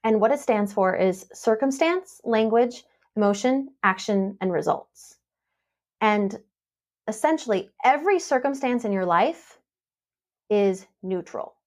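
Animated woman telling stories on a podcast. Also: medium pitch, measured pace. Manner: animated storytelling, acts out her own past lines. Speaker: podcast guest, happiness mentor. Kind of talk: casual podcast interview.

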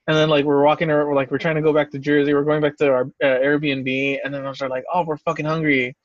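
A man's voice: fairly high pitch, little pitch movement, quick pace, no room sound, highs cut off. Laid-back swearing podcast guy. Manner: laid-back, swears freely, laughs often. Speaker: podcast co-host. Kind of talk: casual storytelling chat.

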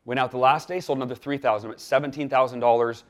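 A man guest on an interview show, telling a story in a lively way and acting out the quoted dialogue. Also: medium pitch, very fast. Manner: animated, acts out quoted dialogue with lively swings in loudness. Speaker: podcast guest.

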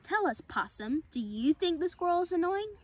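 A woman's voice: very high-pitched, big pitch swings, moderate pace, dry recording, pitched above the performer's own voice. A haughty male giraffe speaks in a snide, sullen way, as a woman reading aloud plays him. He sounds superior and cold. It is a children's storybook read aloud.

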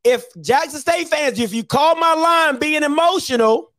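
A man's voice: very high voice, moderate pace, noisy background. A man hosting a call-in sports show, talking bluntly and repeating himself for emphasis. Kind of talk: argumentative sports call-in talk.

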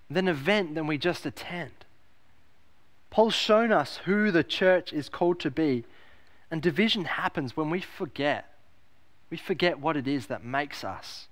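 A man's voice: fairly high pitch, fairly bright tone. Emphatic man preaching a sermon. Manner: emphatic, repeats key phrases, rhetorical questions. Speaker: pastor.

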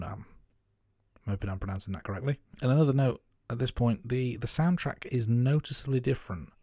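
A man co-hosting a relaxed film review chat. His voice sits a little low and sounds dry and close. He talks thoughtfully and stops often to restart a phrase. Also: no room sound. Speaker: film review podcast co-host. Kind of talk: casual film discussion.

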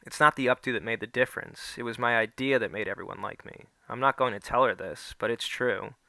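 A man's voice: a little fast, creaky, sharp tone, no echo. Man reading a first-person story. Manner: voices the characters with small pitch shifts. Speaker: narrator.

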